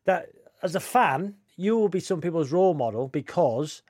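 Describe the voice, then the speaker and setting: A man co-hosting a podcast, talking rapidly and repeating himself as he checks he is understood. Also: fairly high pitch, expressive, darkish tone, husky, dry recording, clean studio sound. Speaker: podcast co-host. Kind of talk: casual chat.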